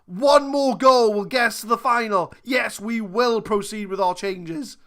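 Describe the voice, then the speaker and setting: Her voice on the high side and unhurried, a woman streams her football management game on her gaming channel, thinking aloud while swinging between muttering and shouting.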